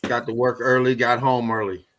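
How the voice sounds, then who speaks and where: A man's voice: medium pitch, flat delivery, moderate pace, fairly bright tone, a little hiss or hum. A man on a video call giving short, easygoing replies in a casual chat. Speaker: guest.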